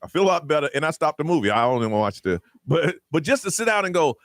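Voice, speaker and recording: A male morning radio host whose voice swings up and down as he tells stories and acts out quoted lines. His pitch sits a little high for a man, and the studio sound is dry and close. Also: fast, no room sound. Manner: animated storyteller who acts out quoted dialogue and laughs often. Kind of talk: casual morning radio chat. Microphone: studio microphone.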